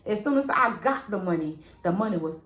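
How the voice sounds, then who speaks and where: A woman's voice: medium pitch, brisk. Woman in her 30s, preachy, testimony-style home vlog, roomy phone sound. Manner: animated and preachy, addresses viewers as "y'all" and "baby". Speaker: vlogger sharing a faith testimony. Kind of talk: casual spoken testimony. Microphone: phone propped up.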